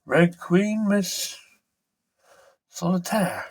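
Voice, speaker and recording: A man voicing a suave male secret agent, quoting his lines with a smooth, knowing delivery. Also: sits high, expressive, very slow, voice pushed up, heavily acted.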